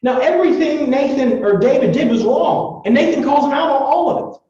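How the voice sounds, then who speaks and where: A young man giving a casual, chatty Bible lesson, retelling the story with lots of fillers and animated asides. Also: very high voice, fairly quick. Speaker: Bible teacher. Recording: distant echoey lo-fi recording.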